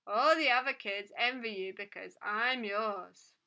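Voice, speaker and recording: A woman's voice: medium pitch, measured pace, pushed and bright. A woman voicing a metallic talking doll that repeats the same empty phrases in a stiff, insistent way. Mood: flat, insistent. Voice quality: metallic, phone-like. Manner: stiff, repetitive stock phrases.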